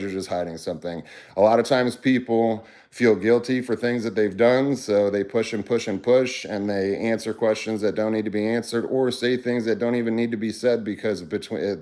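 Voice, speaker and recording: A man's voice: on the low side, darkish tone. A man hosting a casual livestream, talking bluntly and earnestly to his viewers and rambling through restarts. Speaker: livestream host.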